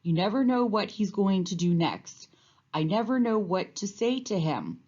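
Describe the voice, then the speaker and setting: A woman's voice: mid-range voice, animated, normal speed, warm tone, muffled recording, natural voice. A woman doing a mild, doubtful dog. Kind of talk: storybook read-aloud.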